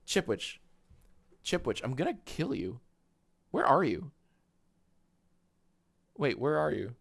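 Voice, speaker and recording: A man in his thirties hosting a live stream, chatting casually and rambling, swearing freely and switching to a high baby voice for his dog. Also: animated, moderate pace, pauses often, fairly bright tone. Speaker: livestream host.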